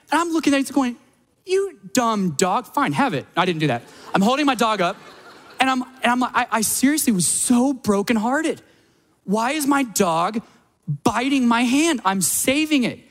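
A man preaching a sermon as a pastor, telling stories in a conversational way that swells into dramatic, emphatic passages. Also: sits high. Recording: long reverb of a large hall.

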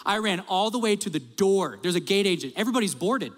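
A middle-aged man preaches, telling his story with animated, conversational energy and talking straight to the listeners. His voice sits high for a man. The sound carries the long tail of a large hall. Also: fast. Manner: animated, conversational, addresses the congregation directly. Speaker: pastor. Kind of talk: storytelling sermon.

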